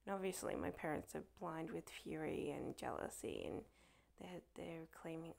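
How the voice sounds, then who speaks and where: A woman telling a rambling personal story, halting and full of fillers, often dropping to a soft whisper. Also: deep voice, gravelly.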